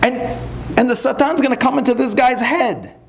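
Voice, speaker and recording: A man, a rabbi, giving an animated, conversational sermon to a live audience. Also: very high voice, moderate pace, creaky, a little hiss or hum. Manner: animated, conversational preaching with acted-out asides.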